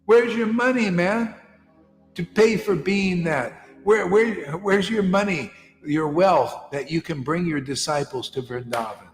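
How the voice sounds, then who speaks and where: A man giving an informal sermon, telling stories bluntly in street slang and mocking others with put-on voices. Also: fairly high pitch. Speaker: spiritual teacher. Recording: echoey hall with faint music.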